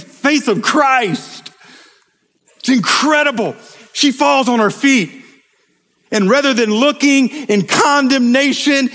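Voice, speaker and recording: A man preaching a sermon with passion, dropping to a hush and rising to shouts. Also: very high voice. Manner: impassioned, swings between hushed and shouted. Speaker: pastor. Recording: long hall reverb.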